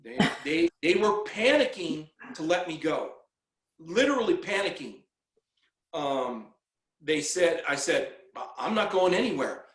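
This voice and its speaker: A man with a fairly high voice tells a long personal story in loose, casual talk. He stumbles and repeats words and acts out the back-and-forth he recounts. The room around him rings with echo. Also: big pitch swings, a little slow. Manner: rambling, repeats words, acts out quoted exchanges. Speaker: guest telling his story.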